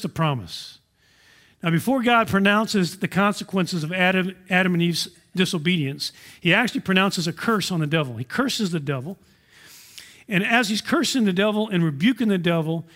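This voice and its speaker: High-voiced pastor preaching earnestly. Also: male voice, fairly bright tone. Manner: earnest, asks rhetorical questions. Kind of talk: sermon.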